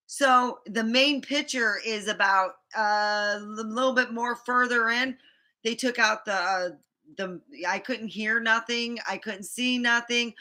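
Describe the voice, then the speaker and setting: A woman's voice: on the high side, measured pace, bright, forceful tone. A woman vlogger ranting to the camera, frustrated, rambling and swearing often. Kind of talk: venting to camera.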